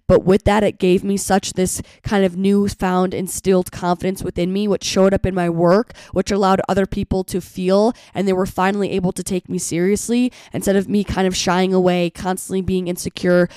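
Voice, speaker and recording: A woman hosting her podcast in casual, chatty talk, her voice a little hoarse from being sick, with lots of "like" fillers. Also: fairly low pitch, a little mellow, dry recording, studio quality. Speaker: podcast host.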